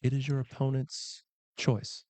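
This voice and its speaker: Male pool commentator, mellow tone, dry close sound, joking and chatty. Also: medium pitch, monotone, unhurried, no echo. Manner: playful, chatty, jokey asides to chat. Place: pool hall commentary booth.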